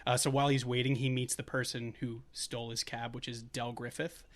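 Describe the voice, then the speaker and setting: A man's voice: medium pitch, level tone, a little fast. A man co-hosting a movie podcast, recapping a film in a casual, rambling way, correcting himself and laughing often. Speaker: podcast co-host.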